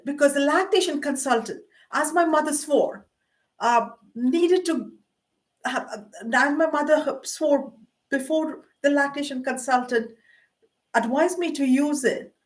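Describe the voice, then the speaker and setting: A middle-aged woman telling rambling, self-mocking personal stories with many fillers and asides. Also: high voice. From Canada. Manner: meandering, self-mocking, with frequent fillers and laughs. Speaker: vlogger.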